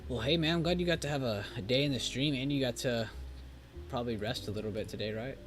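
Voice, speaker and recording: A fast-talking man with a mid-range voice runs a live stream, reviewing trades in a relaxed, conversational way. Faint music plays behind him in his Texas home studio as he laughs readily and fills his speech with fillers.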